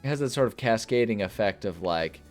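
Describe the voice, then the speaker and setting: A man's voice: lowish voice, fairly quick, soft background music. A man hosting a gameplay video, chatting casually and rambling with many fillers. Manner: rambling, filler-heavy, relaxed. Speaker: gaming video host.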